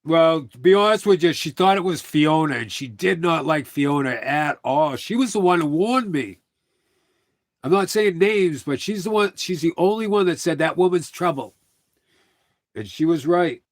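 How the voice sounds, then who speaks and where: A man's voice: fairly high pitch, animated, moderate pace, no room sound, clean studio sound. A middle-aged man chatting casually on a livestream, telling rambling stories full of quoted dialogue.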